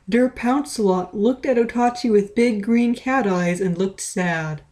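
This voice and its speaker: A woman's voice: lowish voice, steady tone, takes it slowly, hardly any pauses, a little mellow. A woman reading a fan story aloud in a playful, dramatic way, with small stumbles. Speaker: reader. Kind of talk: read-aloud of fan fiction.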